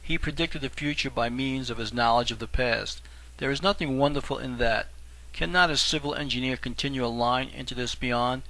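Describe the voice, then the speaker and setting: A man voicing an aged, scholarly guide who speaks softly and courteously in an audiobook. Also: medium pitch, low-quality recording. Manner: soft, measured, polished. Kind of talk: audiobook reading.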